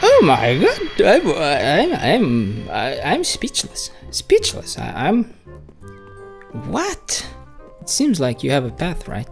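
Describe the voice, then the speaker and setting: Woman doing let's play commentary, shrieky and sweary, talks slow but jumps way up and down. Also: low-pitched, soft background music. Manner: excitable, swears a lot, shrieks and talks to enemies. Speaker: gamer.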